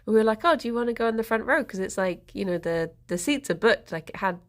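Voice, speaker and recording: A woman's voice: on the high side, animated, fast talker. A woman hosting a casual livestream, chatting to viewers and cooing to her pets with frequent giggles. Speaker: livestream host.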